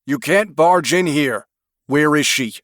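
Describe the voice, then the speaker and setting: A man's voice: on the high side, slow pace, fairly bright tone, no room sound, clean studio sound, pitched above the performer's own voice. A man voicing a frightened young man under arrest, stammering and protesting.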